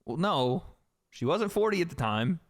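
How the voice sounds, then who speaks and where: A man's voice: a little high, very animated, normal speed. A man co-hosting a casual reaction show, wry and laughing. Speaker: co-host.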